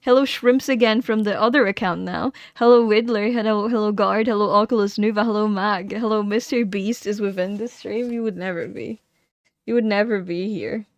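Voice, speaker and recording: A woman streamer talks casually into her microphone and rambles from one thought to the next. She giggles often and keeps correcting herself mid-sentence. Her voice is smooth and clear, recorded dry, with a mid-range pitch. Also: fairly even intonation, normal speed, no room sound. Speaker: live streamer. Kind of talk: casual livestream chat.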